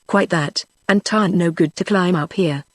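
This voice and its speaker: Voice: mid-range voice, a little slow, dry recording, natural voice. Blunt sailor lad Jim, read by a synthetic voice. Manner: dialect-heavy, dry-humoured talk. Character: rough-spoken young male sailor lad, blunt.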